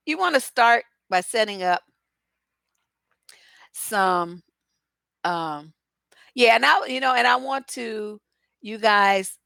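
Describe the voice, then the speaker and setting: A woman's voice: fairly high pitch, lively intonation, unhurried, creaky, pushed and bright, no room sound. A woman relationship coach giving casual livestream advice, chatty and blunt, with many filler phrases.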